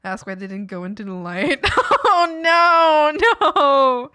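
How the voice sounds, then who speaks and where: A young adult woman, an art streamer, chats casually on a livestream while drawing, giggly and emotional, laughing often and trailing off to restart sentences. Her voice is high, sing-song, sharp, and clean, at a slow pace. The recording has no echo and is studio quality.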